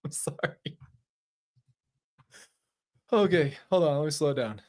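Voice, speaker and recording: Mocking, exasperated man, fairly high voice. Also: animated, slow, darkish tone, a little hiss or hum. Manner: mocking, exasperated, laughs often, swears. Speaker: true-crime commentary host. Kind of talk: casual reaction commentary.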